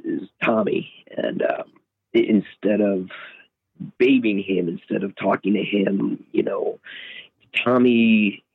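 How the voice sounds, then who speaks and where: A man calling in, reflecting hesitantly with many pauses and fillers, heard over a phone line. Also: lowish voice, fairly even intonation, gravelly, breathy edge, no room sound. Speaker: guest on a call. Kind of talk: reflective remembrance.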